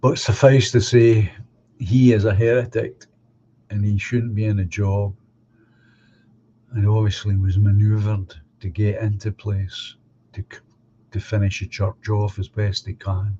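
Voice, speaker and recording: A man's voice: on the low side, little pitch movement, unhurried, dark tone, lo-fi sound, a little hiss or hum. A middle-aged man with a Glasgow accent, chatting casually and bluntly as a livestream host reading out viewer comments. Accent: Glaswegian. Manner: blunt, opinionated, reads viewer comments aloud. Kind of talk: casual chat.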